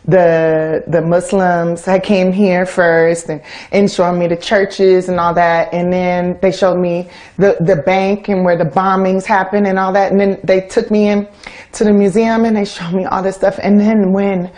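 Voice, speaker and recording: A woman in her thirties with an American accent, a guest in an interview, talking in a lively way and laughing often. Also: on the low side, a little slow. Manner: animated, laughs often, acts out quoted voices. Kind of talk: casual interview talk.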